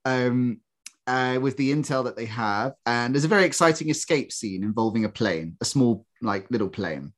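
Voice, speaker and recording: A man's voice: medium pitch, animated, moderate pace. A man co-hosting a podcast, chatting casually about a film and laughing often, with sarcastic jokes. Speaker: podcast co-host. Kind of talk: casual film review chat.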